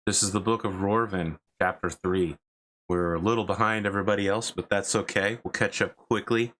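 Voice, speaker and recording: A man with a fairly low voice runs a tabletop role-playing session as game master. He narrates in a relaxed, chatty manner and often stops to explain things with asides. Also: fairly quick, slight background noise.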